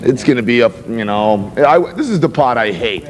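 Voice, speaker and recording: A man's voice: mid-range voice, lively intonation, normal speed, in a large hall, a little hiss or hum. A man from a metal band, in his stage persona, trading crude shock-humor banter with a brash, profane, boastful manner, recorded in a rock club.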